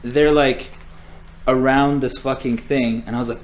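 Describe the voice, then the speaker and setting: A man's voice: medium pitch, fairly even intonation, measured pace. A young man casually telling a funny story on a podcast, swearing and laughing as he goes. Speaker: podcast co-host.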